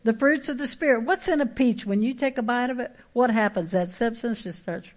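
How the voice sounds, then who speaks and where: Woman pastor, folksy and emphatic sermon delivery, fairly high voice, quick asides.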